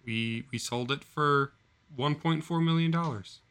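A man's voice: on the high side, measured pace, a bit bright, clean tone. A man co-hosting a podcast in casual chat, with dry, wry humor. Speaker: podcast co-host.

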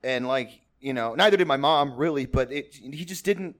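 A man's voice: mid-range voice, normal speed, a bit bright. A man from Texas hosting a podcast, telling a family story in a rambling, profane way with frequent laughter and restarts. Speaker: podcast host. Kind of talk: casual storytelling.

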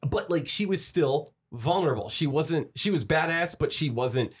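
A man co-hosting a podcast in casual chat, swearing often and talking excitably. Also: moderate pace, slightly rough. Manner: profane, excitable, jumps around in pitch. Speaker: podcast co-host.

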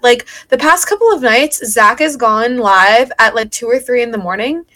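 A woman's voice: a little high, normal speed, few pauses, bright, forceful tone. Giggly young woman saying "like" a lot. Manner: giggly, fills with "like" constantly. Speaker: streamer guest. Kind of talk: casual chat.

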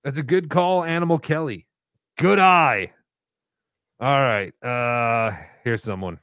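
A man's voice: medium pitch, slow pace, fairly bright tone, clear, resonant tone, no echo. A man hosting a live stream, casually playing callers' voicemails and chatting about them. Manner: easygoing, swears casually.

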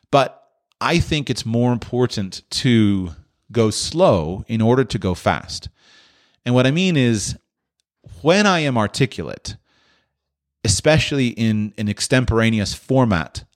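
A man hosting a question-and-answer podcast, talking through his answer off the cuff with frequent restarts. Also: lowish voice. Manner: thoughtful, with frequent restarts and filler. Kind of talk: unscripted monologue.

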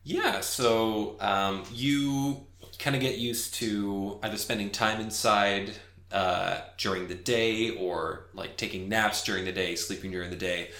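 A man narrating as game master, rambling with many fillers and jumping into high voices for characters. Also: fairly even intonation, measured pace, fairly bright tone. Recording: echoey room.

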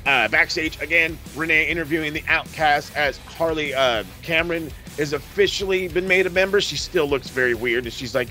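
Bright-voiced man recapping wrestling. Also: on the high side, normal speed, few pauses, faint music behind. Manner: profane, rambling. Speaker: podcast host. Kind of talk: casual wrestling recap chat.

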